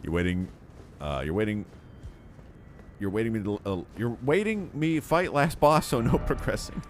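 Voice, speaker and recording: Streaming a video game, a man chats casually with jokes and rambling asides, muttering to himself while he plays. His voice is fairly low and expressive, his pace moderate, with slight background noise behind it.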